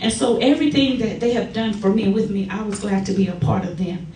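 A middle-aged woman giving a personal testimony at a church service, telling stories in a lively way and acting out the quotes. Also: mid-range voice, fast, slight background noise. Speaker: church member giving a tribute. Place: church sanctuary. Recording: echoey church from far off.

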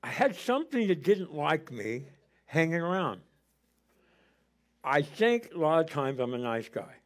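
A middle-aged male pastor with a notably high voice delivers a sermon at a measured pace. Very animated, he tells a personal story with fervor, rising nearly to a shout at the peaks of his points.

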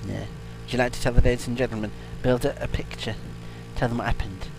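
A man hosting a comedic let's-play, excitable, silly and teasing as he talks over the game. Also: medium pitch, fast talker, vocal fry, noisy background. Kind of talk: comedic gaming commentary.

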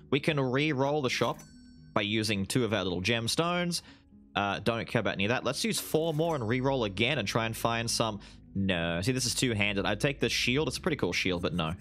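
A young man giving excited commentary over his own gameplay, exclaiming often and calling the listener "dude". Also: mid-range voice. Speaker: gaming video host.

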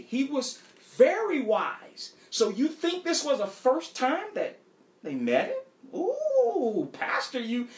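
A woman pastor teaching a Bible study in an animated way, asking rhetorical questions and spelling out words. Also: medium pitch, echoey room.

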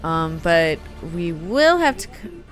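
A woman's voice: lowish voice, sing-song, takes it slowly, soft background music. A woman hosting a gaming video, giving let's-play commentary and reacting aloud with gasps and small whispered asides.

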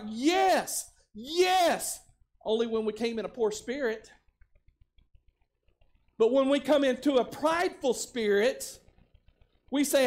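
A man preaching a sermon as pastor, conversational, often repeating words and building up to shouted lines. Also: extremely high pitch, sing-song, unhurried, pauses often.

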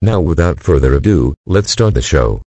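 A male computer voice reads a scripted warning in a flat, matter-of-fact way. It is extremely deep and husky, and the sound is completely dry. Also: moderate pace, no echo. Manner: flat, insulting warning delivered matter-of-factly. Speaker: disclaimer narrator. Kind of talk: scripted synthesized narration.

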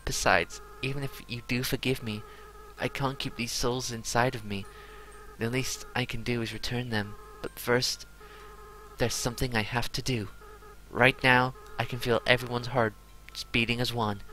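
A man reading aloud the lines of a remorseful young goat monster boy, in a soft, earnest, apologetic way. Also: mid-range voice, flat delivery, normal speed, slight background noise, natural voice, poor audio. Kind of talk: reading game dialogue aloud.

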